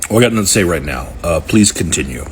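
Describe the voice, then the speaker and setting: Man, commentator, very deep voice, lively intonation, explanatory. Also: quick pace, slight background noise. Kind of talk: reaction commentary.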